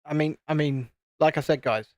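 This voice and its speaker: A man's voice: on the high side, normal speed, darkish tone, dry recording, clean studio sound. A man from the United Kingdom hosting a casual live stream, joking and reading out viewer comments while building. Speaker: YouTube channel host.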